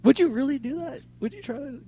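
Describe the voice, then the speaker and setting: A man's voice: very high-pitched, quick pace. A man co-hosting a casual podcast chat, swearing freely and laughing while he tells stories. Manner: loud, swearing, laughing storyteller. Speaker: podcast co-host.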